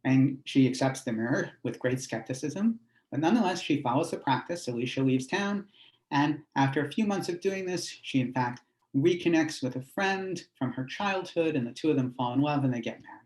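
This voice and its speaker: A man's voice: on the high side, animated, normal speed, a little mellow. A man, a rabbi, telling a teaching story in a conversational way with fillers and asides. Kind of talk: storytelling lesson.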